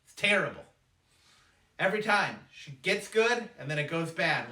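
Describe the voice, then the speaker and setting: Man, stand-up comedian, lively swooping pitch, higher voice, echoey room. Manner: quick, animated storytelling. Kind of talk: stand-up routine. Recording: echoey room, distant mic, noisy.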